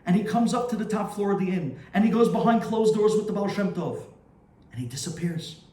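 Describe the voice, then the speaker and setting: Casting: male rabbi, slightly high voice, dramatic storyteller, echoey room. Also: fast, distant mic. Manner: dramatic, swings between hushed and excited. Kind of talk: storytelling sermon.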